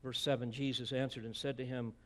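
A man's voice: mid-range voice, flat delivery, fairly quick. A man preaching an expository sermon as pastor, emphatic, with rhetorical asides and repeated words as he presses a point.

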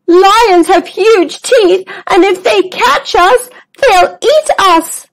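A woman voicing a nervous young female zebra who talks anxiously and squeakily. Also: animated, extremely slow, darkish tone, no room sound, full character voice.

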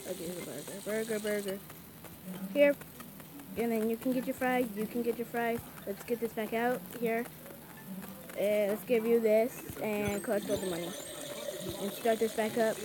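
A woman's voice: on the high side, fairly even intonation, normal speed, long pauses, noisy background. A woman giving casual, frantic commentary while playing a game, pleading with customers and talking herself through each step. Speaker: gameplay commentator. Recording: game sizzle and frying sounds clearly under the voice.

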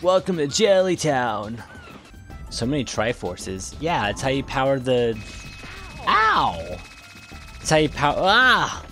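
A man's voice: medium pitch, sing-song, takes it slowly, long pauses, sharp tone, faint music behind. A man streaming a video game with goofy, playful commentary and jokey yelps of pain. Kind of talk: casual let's-play commentary.

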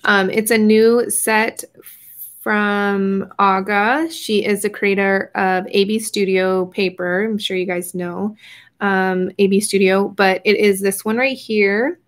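Painting live for her art journaling stream, a young woman chats easily with her audience, occasionally trailing into soft murmurs. She speaks at a medium pitch, steadily and slowly.

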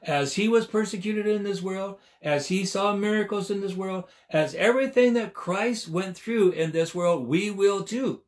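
A man's voice: sits high, normal speed, few pauses. A man in his sixties preaching a sermon, stressing and repeating key phrases. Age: 60s.

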